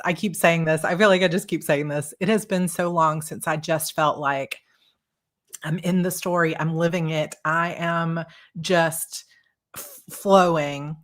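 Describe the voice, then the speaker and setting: A woman author chatting with her audience, bubbly and excitable with quick restarts, then reading her own novel aloud live. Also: low voice.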